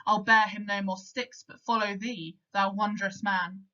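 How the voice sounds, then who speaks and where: A woman reads a servile male island monster, eager and awestruck. The delivery is plain verse reading at a middling pitch. The recording sounds dull and lo-fi. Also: steady tone, a little slow, sharp tone.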